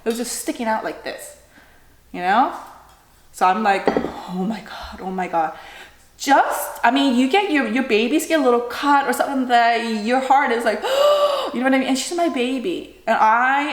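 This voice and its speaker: A woman's voice: on the high side, fairly quick, hardly any pauses. A woman in her thirties, a mother, telling a family story in a casual storytime vlog. She re-enacts the scenes as she talks and keeps checking in with "right?". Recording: roomy echoing room sound.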